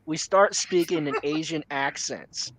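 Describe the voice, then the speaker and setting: A man in casual group chat, talking in halting, repeated starts. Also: a little high, crowd noise, low-quality recording.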